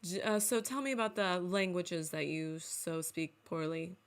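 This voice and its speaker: A woman's voice: fairly low pitch, steady tone, a little slow, smooth. A woman playing a life coach in casual comedic chat, earnest and encouraging.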